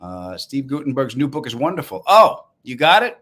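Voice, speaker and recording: A comedian with a Long Island New York accent hosts a casual live stream from an indoor apartment room. He tells stories in a wry, deadpan way, tossing asides to viewers, in a mid-range voice at a moderate pace.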